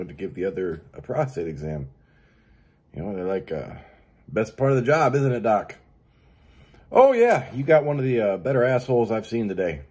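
A middle-aged man with a low, husky voice rambles through a solo show. He jokes crudely and swears freely, in a loose, casual monologue. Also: darkish tone. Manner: crude, profane, joking. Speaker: podcast host.

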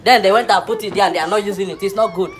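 A man's voice: high voice, fairly even intonation, rapid-fire. A man with a Nigerian accent playing a comic teacher in a skit. He lectures mock-earnestly, chuckles as he talks, and keeps asking whether the class is following.

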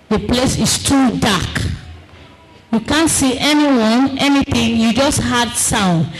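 A woman giving an emotional religious testimony. She speaks dramatically and emphatically, repeating phrases, breaking into shouts, and using non-standard English grammar. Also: fairly high pitch, poor audio.

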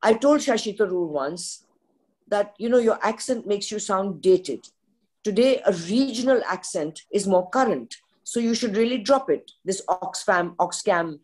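A woman's voice: medium pitch, animated, unhurried, darkish tone. An older woman with an Indian English accent, a veteran news journalist speaking frankly on a podcast panel. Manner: forthright, opinionated storyteller.

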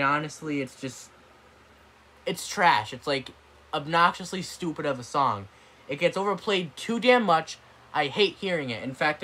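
A man's voice: a little high, pushed and bright. A man venting in a blunt, dismissive rant, swearing and getting worked up, recorded on a tablet at home. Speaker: vlogger. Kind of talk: ranting video commentary. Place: apartment room. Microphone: tablet microphone.

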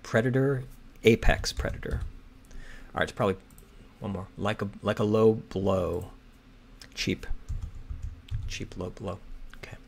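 Here a man with a voice on the low side and some vocal fry works through a crossword, muttering hesitantly as he slowly reads clues and tries answers. Keyboard typing and clicking carry on in the background, with slight background noise.

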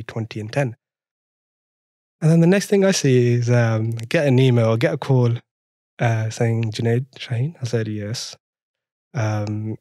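Speaking with a French accent, a young Frenchman recounts his story in a casual podcast interview, laughing frequently and animatedly re-enacting conversations. His mid-range voice has a dark tone, recorded dry at studio quality.

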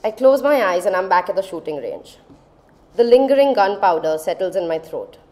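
A woman, telling a personal story on stage in a dramatic, measured way. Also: medium pitch, lively intonation, a little mellow. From India. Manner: dramatic, measured, lingering on phrases. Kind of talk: live storytelling performance.

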